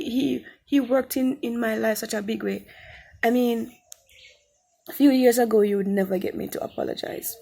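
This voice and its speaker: A woman's voice: on the high side, creaky, mellow, breathy edge. A woman giving an earnest spoken Christian testimony, repeating phrases for emphasis. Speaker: testimony speaker.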